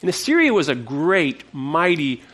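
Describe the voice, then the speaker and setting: High-voiced male preacher. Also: normal speed. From United States. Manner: passionate, expressive, repeats words. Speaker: pastor. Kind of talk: sermon.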